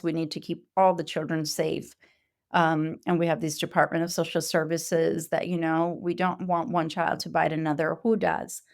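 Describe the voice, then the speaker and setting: A woman speaks at a conference as a Montessori educator, with a voice that sits a little low for a woman. She explains earnestly and patiently. She often pauses and uses fillers as she works through her points. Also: gravelly, a little mellow. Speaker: Montessori educator giving a talk. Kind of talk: conference talk.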